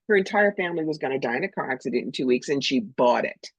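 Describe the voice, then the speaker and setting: امرأة مسنّة من نيويورك بصوت أجشّ، تتحدث بصراحة وحيوية كضيفة في مقابلة، في تسجيل جاف قريب. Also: female voice, low-pitched, quick pace, hardly any pauses, slightly rough, no echo, rough recording. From New York. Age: older. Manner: blunt, animated, acts out voices. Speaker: psychic medium, guest. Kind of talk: storytelling interview talk.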